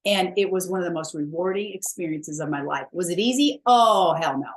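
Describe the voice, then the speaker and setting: A woman's voice: fairly low pitch, fairly quick. A woman wellness coach giving a chatty, emphatic motivational talk, blunt and self-mocking, with the odd swear word.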